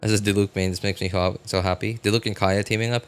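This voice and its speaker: A man's voice: on the low side, steady tone, quick pace, few pauses, clear, resonant tone, soft background music. A man streaming a live reaction, chatting casually and rambling with many fillers and restarts.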